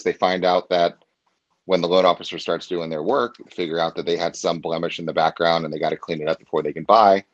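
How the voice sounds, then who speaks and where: A man coaching real estate agents, blunt and animated as he tells stories. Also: low voice, highs cut off. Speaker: real estate team leader.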